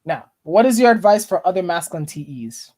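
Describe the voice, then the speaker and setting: A man's voice: high-pitched, expressive, a little fast, warm tone. A man hosting a podcast in casual chat, blunt and teasing, swearing freely. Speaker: podcast host. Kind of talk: casual conversation.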